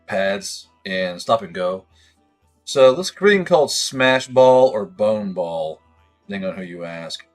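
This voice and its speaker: A man's voice: on the low side, expressive, slow, faint music behind. Male game master, swearing a lot, rambling scene narration, filler words. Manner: profane, rambling descriptions with many fillers.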